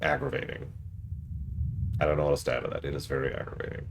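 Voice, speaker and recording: Deep-voiced male streamer, wry and ranting. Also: flat delivery, quick pace, vocal fry, background noise. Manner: wry, ranting, mocks the ads he criticizes. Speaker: game streamer. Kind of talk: casual commentary while playing.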